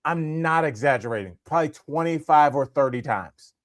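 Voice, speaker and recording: A man's voice: fairly high pitch, animated, moderate pace, no echo, clean studio sound. A man co-hosting a podcast, telling a long comedic anecdote in a casual, rambling way with lots of fillers. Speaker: podcast co-host.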